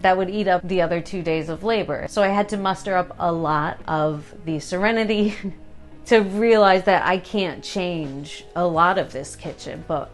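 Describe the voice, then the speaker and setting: A woman talks in a casual, chatty way about fixing up a kitchen, her voice a little on the low side. She tells her stories with a lot of animation and laughs along the way. Faint music runs under her voice. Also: moderate pace. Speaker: home renovation vlogger. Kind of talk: casual chat.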